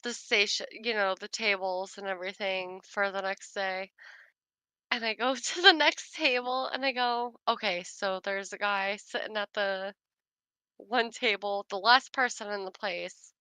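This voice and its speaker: Woman chatting w her sis, lots of laughs and "like"s, smooth clear voice, dry sound. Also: medium pitch, measured pace, pushed and bright, dry recording. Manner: laughs often while telling a story; chatty, many fillers like "like". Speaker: storyteller chatting with her sister. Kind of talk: casual chat.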